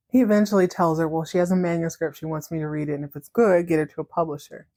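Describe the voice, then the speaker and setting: A woman hosting a podcast, recapping a story in a chatty, animated way and laughing often. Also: deep voice, fast, hardly any pauses. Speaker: podcast host.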